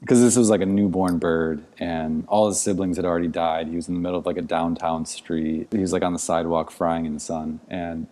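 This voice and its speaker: A man's voice: deep voice, level tone, a little fast, hardly any pauses, dark tone. A man, a podcast guest, telling a story in casual conversation, rambling with many "like" fillers. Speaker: podcast guest, outdoor educator.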